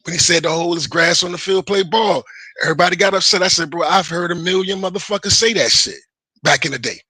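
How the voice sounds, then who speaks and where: A man's voice: high voice, fast, pushed and bright, slightly rough, no room sound, low-quality recording. A man hosting a livestream, ranting to his chat in a heated, defensive way, swearing and repeating himself. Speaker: livestream host. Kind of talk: casual livestream rant to chat.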